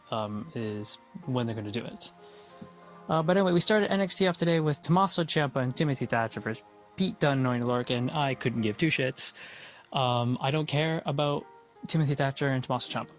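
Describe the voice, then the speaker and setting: A man casually recapping a wrestling show, blunt, opinionated and quick to swear. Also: mid-range voice.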